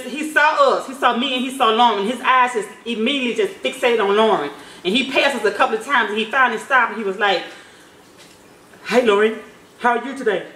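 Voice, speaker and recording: A woman, a mother, chats to her viewers in a relaxed, slangy vlog style, dropping swear words and plenty of fillers. Her voice sits a bit high, and the room around her rings with echo. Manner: chatty, loose, slangy with swearing, many fillers. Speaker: mother and vlogger. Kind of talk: casual storytelling chat. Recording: echoey room.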